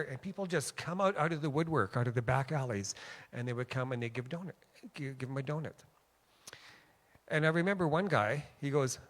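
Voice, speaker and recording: A man from Western Canada gives a sermon in a church, chatty and story-driven. His voice sits at a mid pitch, and he lifts it with energy when he acts out other people's lines. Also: brisk. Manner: conversational, animated when quoting others, frequent "okay?". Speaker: guest preacher. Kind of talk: sermon with personal stories. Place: church sanctuary.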